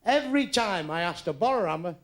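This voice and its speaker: Older man, stand-up comic, crude blunt delivery, high voice, gravelly edge. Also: animated, fast. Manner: blunt, crude punchlines, acts out characters' voices. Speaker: stand-up comedian. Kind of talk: stand-up joke telling. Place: comedy club stage with audience.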